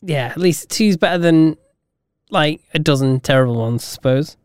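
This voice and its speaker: A man's voice: fairly high pitch, moderate pace, clear, resonant tone, no room sound, clean studio sound. A man co-hosting a casual podcast, laid-back and chuckling often. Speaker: podcast co-host.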